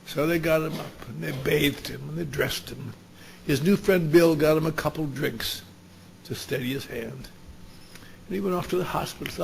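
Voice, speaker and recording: A man's voice: on the high side, normal speed, vocal fry, a little hiss or hum. A man telling a story at a recovery meeting, blunt and wry, with salty language. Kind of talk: storytelling talk.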